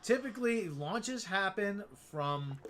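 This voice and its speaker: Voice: medium pitch, animated, slow pace, fairly bright tone. A co-host in a casual recap chat, dropping dry, joking asides. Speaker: co-host of a show recap stream.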